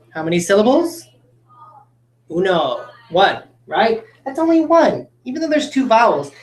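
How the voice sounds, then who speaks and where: A woman teacher leads young children through a phonics lesson in a classroom, speaking in a somewhat low voice. She talks to the class directly and encourages them as she demonstrates words. The room is roomy and echoes around her. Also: a little hiss or hum.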